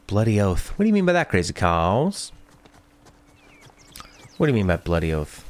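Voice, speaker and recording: A man's voice: low-pitched, wildly swooping pitch, moderate pace. A man streaming a video game, chatting casually, reading viewer comments and joking. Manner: playful, reads chat aloud and jokes. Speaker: let's play streamer.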